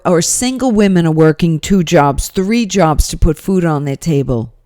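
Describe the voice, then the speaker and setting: A woman hosting a podcast, recounting a story with emphatic exasperation. Her voice sits low and mellow in a dry, close recording. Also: no room sound. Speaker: podcast host. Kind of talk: storytelling monologue.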